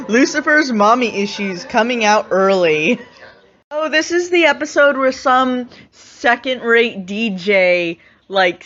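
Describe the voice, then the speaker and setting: A woman's voice: medium pitch, a bit bright. A woman giving casual, sarcastic reaction commentary and laughing often. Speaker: reaction video host. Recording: slightly muffled lo-fi recording.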